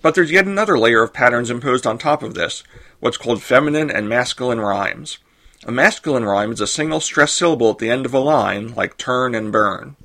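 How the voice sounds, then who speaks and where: A man hosting a podcast, reading a scripted explanation in a clear, measured way. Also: medium pitch, animated, a bit bright. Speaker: podcast host. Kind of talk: scripted narration.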